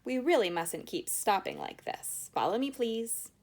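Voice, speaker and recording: A woman voicing a brisk, eccentric male chocolate maker who talks quickly and bossily. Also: on the high side, wildly swooping pitch, vocal fry, darkish tone, pitched above the performer's own voice, full character voice. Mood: eager. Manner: quick, bossy, triumphant.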